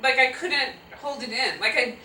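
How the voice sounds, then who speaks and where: A woman in her fifties, a guest speaker answering audience questions, telling stories in an animated, laughing, self-deprecating way. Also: sits high, moderate pace, a little hiss or hum. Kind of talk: live audience Q&A storytelling. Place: auditorium with audience. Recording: roomy hall sound from a distant mic.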